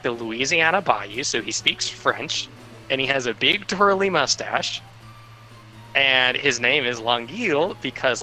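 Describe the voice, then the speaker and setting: A man's voice: medium pitch, pushed and bright, poor audio. A young man talking through a game on a livestream in a rambling way, full of fillers. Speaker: game player. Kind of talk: casual livestream chat.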